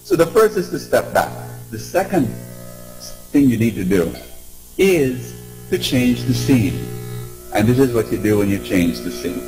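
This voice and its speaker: A man giving an inspirational talk to a live audience, animated and engaging, asking questions and leading call-and-response. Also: medium pitch, unhurried, long pauses, faint music behind, poor audio. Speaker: motivational speaker.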